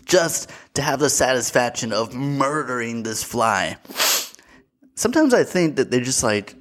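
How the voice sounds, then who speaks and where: Lively young man ranting on a podcast. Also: medium pitch, measured pace. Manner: animated storytelling, bursts into shouted voices; swears freely, says dude often. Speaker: podcast host. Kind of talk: casual solo podcast ramble.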